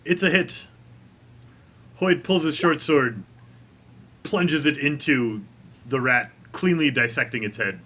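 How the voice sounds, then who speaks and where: A man's voice: mid-range voice, a little slow, a bit bright. A man narrating as game master of a tabletop role-playing game, laughing often.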